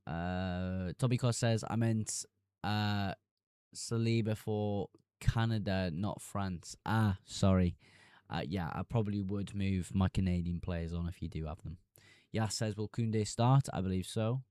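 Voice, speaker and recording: A man's voice: sits low, a little slow, mellow, smooth, dry recording, clean studio sound. A young man streaming live, reading chat messages aloud and answering them casually.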